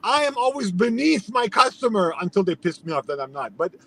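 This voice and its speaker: Iranian-born man, high voice, animated rant, casual stream chat. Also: brisk, creaky. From Iran. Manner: animated ranting storyteller, swears a lot. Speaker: streamer telling a story.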